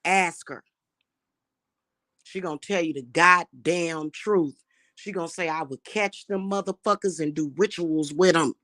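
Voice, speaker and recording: A woman's voice: on the low side, unhurried, a bit bright, dry recording. A woman talking casually to camera, brash and profane, about witchcraft and spirit work. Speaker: spiritual reader and vlogger.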